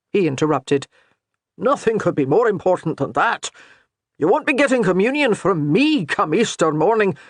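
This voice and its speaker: A man voicing a dour, mocking Highland priest with a thick Scottish brogue in an audiobook. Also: dry recording, clean studio sound, heavily acted.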